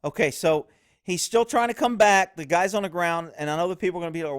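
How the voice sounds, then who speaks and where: A man's voice: sits high, quick pace, clear, resonant tone, no echo. Blunt profane man commenting, dry close sound. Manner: blunt, profane, laughs easily. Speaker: police video commentator. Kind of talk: casual video commentary.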